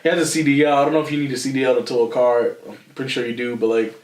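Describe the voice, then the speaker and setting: A man's voice: mid-range voice, very fast, recorded from a distance. A young man co-hosting a casual podcast, telling stories with a lot of laughter and acted-out quotes. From Philadelphia area. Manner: animated storytelling, acts out quotes, laughs a lot. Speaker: podcast co-host. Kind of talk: casual chat. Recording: echoey room.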